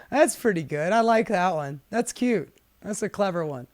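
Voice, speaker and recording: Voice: mid-range voice, very animated, a little slow, a little mellow. A host giving casual commentary while reading protest signs aloud, sassy and profane, laughing often.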